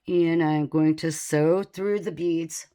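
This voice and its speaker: A woman with a low, deep speaking voice walks through a beading tutorial at an unhurried pace. She stays calm and methodical, counting beads aloud and describing each stitch as she goes. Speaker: beading instructor. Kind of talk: step-by-step craft tutorial.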